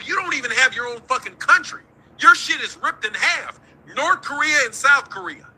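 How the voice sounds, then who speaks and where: A man's voice: very high voice, bright, forceful tone, husky, poor audio. A middle-aged man, hosting a boxing talk stream in a profane, combative rant. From United States. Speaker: boxing talk show host. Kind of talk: livestream rant.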